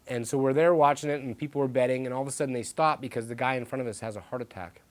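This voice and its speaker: A man's voice: mid-range voice, very fast. Chatty man recalling old friends. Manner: relaxed, chatty, many fillers. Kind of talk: interview recollection.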